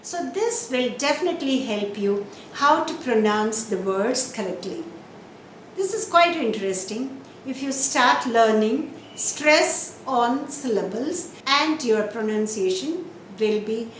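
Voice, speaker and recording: A woman teaching English pronunciation, explaining slowly and carefully and stretching out example words to show where the stress falls. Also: on the high side, animated. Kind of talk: slow, deliberate classroom explanation. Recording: roomy echo, faint background noise.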